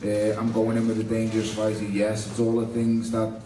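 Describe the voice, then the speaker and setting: A man's voice: lowish voice, completely flat delivery, brisk. A man, a boxer at a press conference, talking bluntly and casually, joking and swearing as he answers. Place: hotel conference room. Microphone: room mic, heard from a distance. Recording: echoey room, distant mic, loud noise.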